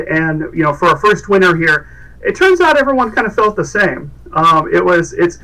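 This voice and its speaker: A man's voice: on the high side, pushed and bright, recorded from a distance, rough recording. A man hosting a casual livestream, upbeat and rambling, with lots of fillers and restarts. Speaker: livestream host.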